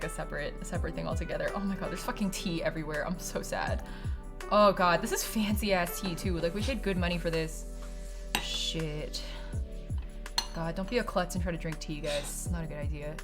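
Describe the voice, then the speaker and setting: A young woman live-streaming from her desk at home, chatting casually with her viewers. She swears a lot and laughs often. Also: fairly low pitch.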